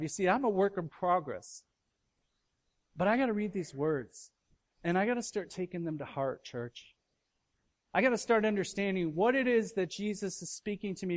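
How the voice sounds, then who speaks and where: A man preaching a sermon to his congregation, animated, with loud emphatic bursts and quiet asides, asking questions and acting out quoted voices. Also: high-pitched. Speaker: pastor.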